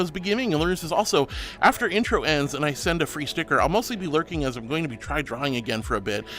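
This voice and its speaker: A male streamer with a high voice chats live with his viewers, gushing and giggly as he thanks them. His pitch swoops all over the place, and faint music plays underneath. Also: pushed and bright. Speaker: VTuber streamer. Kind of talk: live stream chat, reading viewer messages.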